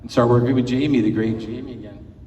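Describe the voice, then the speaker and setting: Speaking fast in a steady, dark, medium-pitched voice with the highs cut off, a film producer in his fifties tells rambling anecdotes on a large convention hall panel. He chuckles and performs the quotes, and he's heard from far away amid the hall's echo.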